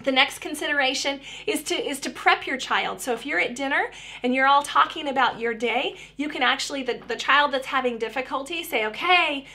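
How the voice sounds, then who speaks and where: Her voice sits high and sounds sharp, and she talks a little fast. As a speech therapist, she chats warmly with parents about practical advice, often breaking off and beginning her sentences again.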